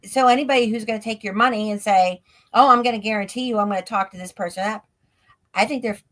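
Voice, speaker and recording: A woman's voice: mid-range voice, fast talker, fairly bright tone. A woman guest on a live stream, chatting casually and telling stories, leaning on the filler "like" and laughing often. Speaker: guest, ghost tour guide. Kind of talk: casual storytelling in an interview. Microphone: remote live stream call.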